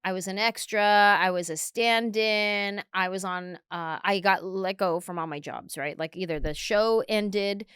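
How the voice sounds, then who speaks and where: Smooth-voiced woman telling a lively story. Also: mid-range voice, a little slow, hardly any pauses, no echo, studio quality. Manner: animated, acts out other people's lines. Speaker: guest comedian. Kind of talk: storytelling in a podcast interview. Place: podcast studio.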